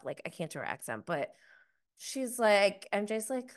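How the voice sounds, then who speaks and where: Bright, chatty woman recapping reality TV. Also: mid-range voice, expressive, slow, smooth. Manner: chatty, gossipy, laughs often. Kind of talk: casual episode review.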